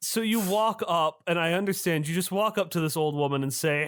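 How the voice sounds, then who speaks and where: A man's voice: on the high side, clear, resonant tone. A man narrating as game master of a tabletop game, describing scenes in an easygoing way. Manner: relaxed, unhurried storytelling.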